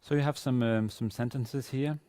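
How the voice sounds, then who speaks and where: A man's voice: mid-range voice, fairly even intonation, moderate pace, warm tone, no room sound. A man teaching a university class on classical Arabic grammar, explaining step by step with frequent fillers and restarts. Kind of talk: recorded university lecture.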